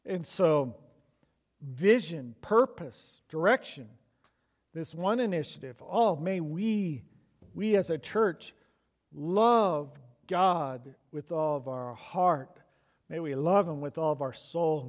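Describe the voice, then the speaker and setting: Man preaching in a church, fairly high voice, emphatic, repeats lines for stress. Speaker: pastor. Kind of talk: sermon.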